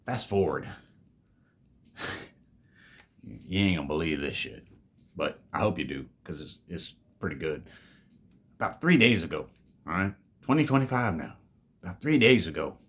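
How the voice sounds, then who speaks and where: A man casually telling a storytime tale to his viewers, laid-back and full of swearing, calling them babies. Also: deep voice. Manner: profane, laid-back, calls listeners "babies".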